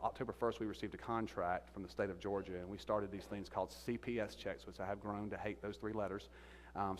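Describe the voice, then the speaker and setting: A lower-pitched man gives a sermon testimony in a church. He stumbles and repeats words as he tells his story. His voice carries a long reverb through the sanctuary. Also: slight background noise. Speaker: guest speaker.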